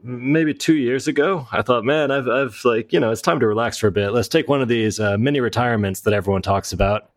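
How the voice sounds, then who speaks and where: A man's voice: medium pitch, dry recording. A middle-aged American man from Florida, a guest talking casually and self-deprecatingly in an interview, often restarting his sentences. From United States (Florida). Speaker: guest, author and entrepreneur.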